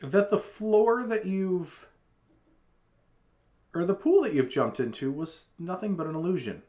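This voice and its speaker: A man's voice: high-pitched, lively intonation, a little slow, mellow. A man narrating scenes and outcomes as the game master of a tabletop role-playing game.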